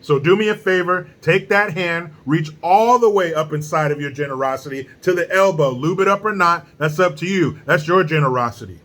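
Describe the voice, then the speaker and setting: Blunt, profane male commentator with a forceful voice. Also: fairly high pitch, a little fast, hardly any pauses. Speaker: political commentary host. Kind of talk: casual opinion commentary.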